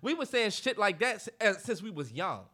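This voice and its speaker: This twenty-something podcast co-host talks briskly in a high-pitched, pushed, bright, very animated voice. The chat is casual and heavily profane, with him performing voices for the people he quotes.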